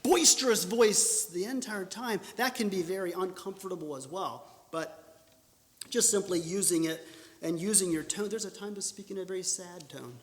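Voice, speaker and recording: A man gives a lively, animated talk on public speaking, his fairly high voice often breaking off to restart a sentence. He is recorded in a church hall. The sound is roomy, with a long reverb tail. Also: moderate pace. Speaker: speaker at a church training session.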